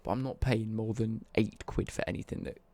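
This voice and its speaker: A man's voice: on the low side, fairly even intonation, fairly quick, vocal fry, warm tone, no echo. A young British man ranting on a casual live stream, sweary and worked up.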